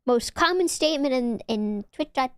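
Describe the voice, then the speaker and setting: A woman's voice: high-pitched, clean tone, no room sound, clean studio sound. A young woman streaming, chatting casually with her viewers in a giggly, teasing, rambling way.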